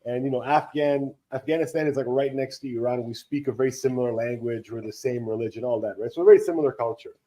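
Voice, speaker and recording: Husky-voiced man in his thirties telling stories. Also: medium pitch, fast, hardly any pauses, low-quality recording. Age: 30s. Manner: rambling anecdotes, animated quoting of others. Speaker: co-stream host. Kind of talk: casual storytelling chat.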